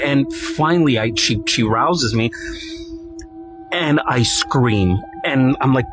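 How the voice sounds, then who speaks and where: A man's voice: medium pitch, animated, low-quality recording. Man recounting an eerie night, music behind. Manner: earnest, halting retelling. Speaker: storyteller recounting his own experience. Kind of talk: first-person horror storytime. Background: clear background music.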